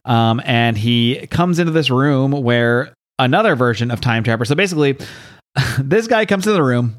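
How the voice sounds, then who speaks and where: A man's voice: mid-range voice, expressive, normal speed. A man co-hosting a comics podcast, recapping a story in a rambling, laughing, swearing way. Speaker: podcast co-host.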